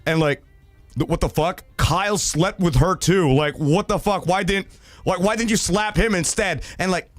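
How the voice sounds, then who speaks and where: A man hosting a casual livestream, reading viewer stories in an animated, profane way with loud laughter. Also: high-pitched, moderate pace, no echo. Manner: animated and profane, laughing loudly, acting out quoted voices.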